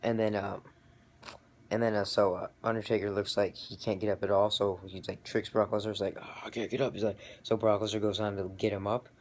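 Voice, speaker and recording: Rambling young man with a low voice. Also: brisk. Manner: rambling, excitable, lots of fillers and restarts. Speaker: vlogger reviewing wrestling. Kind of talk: casual recap.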